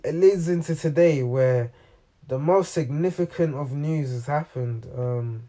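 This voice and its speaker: Slightly high-pitched but dark in tone, this man rambles through casual, unscripted talk on his football reaction channel, full of ums and false starts.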